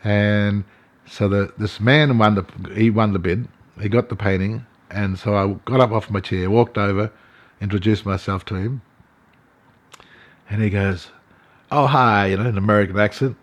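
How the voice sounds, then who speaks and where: An older Australian man, an artist and elder, telling his story in an interview, halting, with many fillers and restarts. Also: lowish voice, steady tone. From Central Australia.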